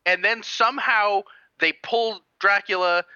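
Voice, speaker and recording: A man hosting a podcast in casual chat, animated and rambling, with lots of restarts and laughter. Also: sits high, unhurried, smooth, dry recording, dull audio. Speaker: podcast host.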